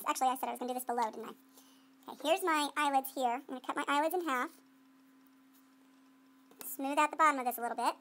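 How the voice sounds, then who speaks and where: A woman's voice: high voice, fairly bright tone. A woman art teacher giving a playful running commentary while she demonstrates clay sculpting to students.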